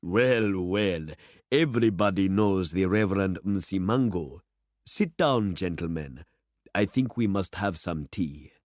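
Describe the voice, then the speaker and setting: In a dry, close storybook reading, a man voices a worldly, boastful middle-aged city man who speechifies with rising fervor. His low-pitched, darkish voice moves slowly and jovially, expanding into oratory, with a dry recording.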